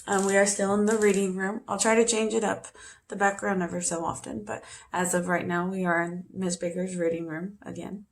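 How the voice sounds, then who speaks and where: A woman's voice: mid-range voice, flat delivery, a little fast. Chatty woman teacher talking to her class. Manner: chatty and informal, with small laughs. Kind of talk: casual talk to a class on video.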